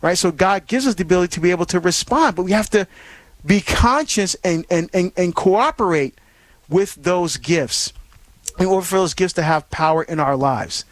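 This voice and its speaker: A man's voice: high-pitched, lively intonation, normal speed, no echo. A man hosting a call-in radio show, preaching earnestly and rambling with many fillers and restarts.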